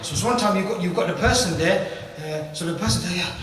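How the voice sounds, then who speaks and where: British man, high voice, casual rambling lesson, heavy echo from far away in a big room. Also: quick pace, fairly bright tone. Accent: British English. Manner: loose, repetitive explaining with tag questions. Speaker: ruqya teacher. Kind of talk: informal spoken lesson. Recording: echoey hall from far off.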